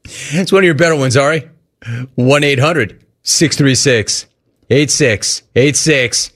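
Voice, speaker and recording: A man hosting a sports talk radio show, taking calls and joking around in a fast, rapid-fire way. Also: mid-range voice, a bit bright.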